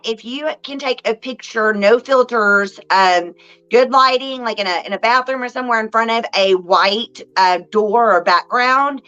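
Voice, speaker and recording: A woman co-hosting a casual chat show, talking in halting bursts and speaking straight to listeners. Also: fairly high pitch, a bit bright, highs cut off. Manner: chatty, halting, addresses listeners directly. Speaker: podcast co-host, psychic reader.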